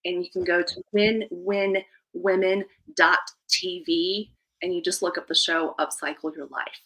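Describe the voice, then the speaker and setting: A woman life coach speaking as a podcast guest, delivering an energetic, emphatic motivational pitch. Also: measured pace, poor audio. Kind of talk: live podcast interview.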